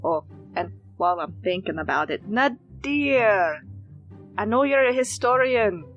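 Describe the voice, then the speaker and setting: A woman's voice: mid-range voice, lively intonation, unhurried, highs cut off, soft background music. Woman player, giggles often, rambles through in-character stories at a tabletop game. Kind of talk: casual in-character play.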